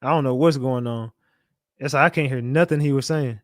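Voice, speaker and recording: A man hosting a call-in stream, talking bluntly with frequent swearing and thinking out loud. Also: mid-range voice, a little fast, no room sound, clean studio sound. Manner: blunt, profane, thinks aloud. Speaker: show host. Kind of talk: casual live-stream talk with callers.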